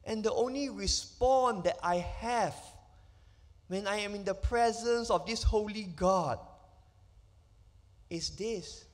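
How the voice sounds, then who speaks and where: A man's voice: sits high, slow pace, long pauses. A man, a pastor preaching an emphatic sermon full of rhetorical questions in a church sanctuary. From Malaysia. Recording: long reverb of a church hall.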